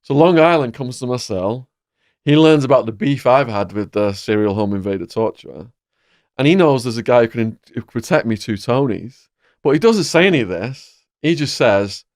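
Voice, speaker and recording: A man with an English accent, a podcast host telling his own stories in a vivid, animated way. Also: medium pitch, normal speed, no room sound, clean studio sound. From England. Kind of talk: storytelling in a conversation.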